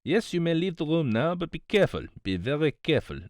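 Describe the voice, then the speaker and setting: A man's voice: a little high, sing-song, quick pace, no room sound, studio quality, pitched above the performer's own voice. A man voicing a fussy, smug older detective, politely reproving, in an audiobook. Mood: smug, precise. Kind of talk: audiobook character voice.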